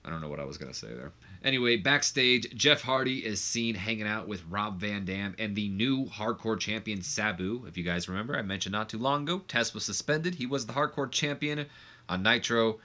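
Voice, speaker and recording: A man's voice: fairly low pitch, brisk, bright, forceful tone. A young man casually narrating a game, rambling with lots of fillers and restarts. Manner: rambling, many fillers and restarts, says like a lot. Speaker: let's play commentator.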